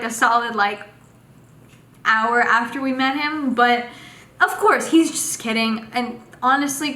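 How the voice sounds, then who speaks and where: Young woman vlogging a story, bright chatty voice, lots of likes, echoey room. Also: on the high side. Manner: animated, acts out quotes with lots of fillers. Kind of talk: casual storytelling. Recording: echoey room with faint noise.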